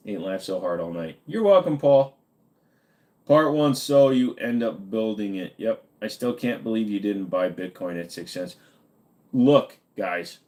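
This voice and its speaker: A man's voice: lowish voice, animated, measured pace, a little mellow. Tired, joking man rambling on a livestream. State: tired and dizzy. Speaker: livestream host. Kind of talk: casual live-stream chat answering viewers.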